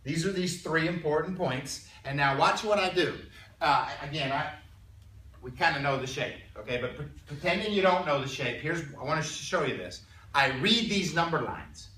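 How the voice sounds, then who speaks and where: A man teaching a calculus class, chatty and stumbling over repeated words, clearing his throat now and then. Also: a little high, expressive, normal speed, sharp tone. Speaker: math teacher. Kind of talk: classroom lecture. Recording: echoey room, mic far off.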